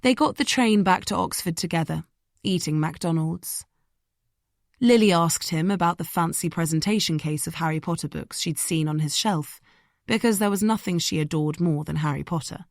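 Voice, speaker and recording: A woman reading an audiobook in scripted narration, steady and measured, in a dry booth. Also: fairly low pitch, gravelly, no room sound.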